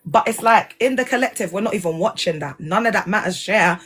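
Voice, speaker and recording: A woman talks straight to her viewers in a loose, slangy livestream. She is animated and direct, and her voice sits at a middle pitch. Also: brisk, husky. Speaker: livestream host, former church member. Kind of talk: casual livestream commentary.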